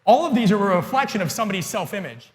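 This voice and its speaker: A man giving an energetic, blunt and profane seminar talk to coaches as a keynote speaker. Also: high-pitched, rapid-fire. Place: conference hall. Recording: long hall reverb.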